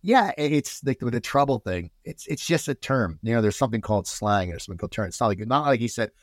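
Brief: middle-aged man, animated guest storyteller, dry close sound. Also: medium pitch, fast, no echo. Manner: animated storyteller, restarts a lot. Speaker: podcast guest. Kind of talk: casual podcast chat.

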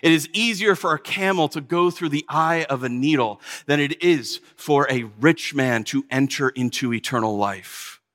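A man in a dramatic sermon voicing a solemn, calm male holy teacher who speaks slowly and gravely. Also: fairly high pitch, voice pushed down, close to an everyday voice. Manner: slow, grave, hushed.

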